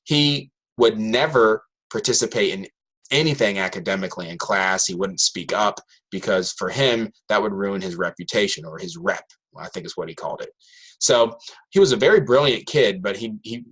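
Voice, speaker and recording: A man, a high school math teacher, telling a classroom story to an audience and acting out his students' voices. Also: normal speed, husky. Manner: animated, acts out students' voices in quotes.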